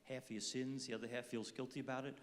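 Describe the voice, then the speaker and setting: A man's voice: mid-range voice, flat delivery, quick pace, background noise. An older man giving an earnest inspirational talk at a conference, telling stories with touches of humor. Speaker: conference speaker. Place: large conference hall. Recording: reverberant hall.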